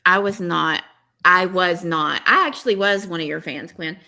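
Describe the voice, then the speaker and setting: A woman's voice: on the low side, moderate pace, creaky, pushed and bright. A woman co-hosting a podcast, chatting casually with a wry, sarcastic edge and easy laughs. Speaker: podcast co-host.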